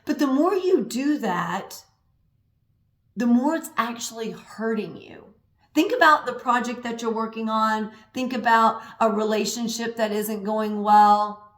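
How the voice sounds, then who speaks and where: A woman co-hosting a podcast, telling a personal story in a lively way and leading the listener through slow, calm breathing. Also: a little high. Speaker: podcast co-host. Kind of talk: storytelling and motivational talk. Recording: echoey room.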